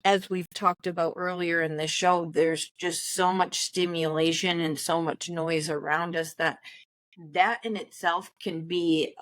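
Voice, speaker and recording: Woman co-host, low-pitched, measured and thoughtful, dry studio mic. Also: little pitch movement, no echo. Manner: thoughtful, gives practical tips. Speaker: podcast co-host. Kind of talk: casual podcast conversation.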